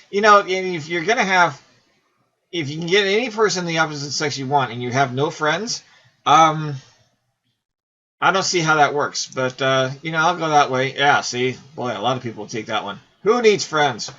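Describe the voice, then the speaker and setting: A man's voice: fairly high pitch, normal speed, pushed and bright, dull audio. A man in his forties hosting a casual game video, rambling and self-deprecating as he talks through questions. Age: 40s. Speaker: host. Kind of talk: casual commentary while playing a game.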